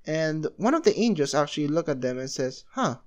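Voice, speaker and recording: Casual: young guy telling a fan story, rambles, says essentially a lot, voice a bit high. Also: lively intonation, fairly quick. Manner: rambling, heavy filler use.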